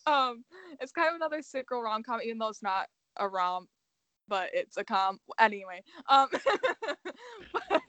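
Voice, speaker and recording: A woman's voice: medium pitch, a bit bright, dry recording. A woman co-hosting a movie podcast over a remote call, talking in a gushing way with many restarts. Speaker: podcast co-host, film editor. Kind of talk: casual chat.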